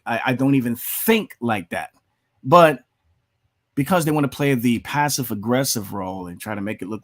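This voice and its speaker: A man's voice: mid-range voice, normal speed. A man hosting his own channel, arguing heatedly against critics while commenting on a video, often mocking them in quoted asides. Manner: argumentative, heated, repetitive asides; mocks opponents in put-on quotes. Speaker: channel host.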